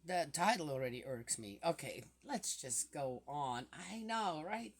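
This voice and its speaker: A woman reading scripture aloud and commenting on it, reading quietly and then reacting with indignant exclamations. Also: sits low, very animated, a little slow, few pauses, slightly rough. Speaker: bible commentator.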